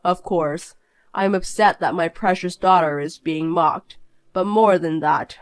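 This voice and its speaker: A woman voicing a stern middle-aged father in an animated story, scolding firmly and evenly. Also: fairly low pitch, smooth, lightly acted. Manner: firm, measured scolding.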